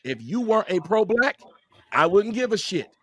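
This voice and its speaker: A man's voice: high voice, very animated, moderate pace, husky, dry recording. A man hosting a streamed panel show, arguing heatedly, profane and combative, often talking over the other speaker. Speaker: show host.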